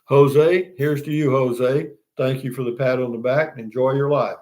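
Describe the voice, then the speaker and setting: Here an older man from Texas, with a Texan accent, talks in a mid-range, darkish voice with fairly even intonation at a moderate pace. Reading viewer comments on his casual live stream, he rambles in a folksy style, with lots of restarts and "you know what I mean."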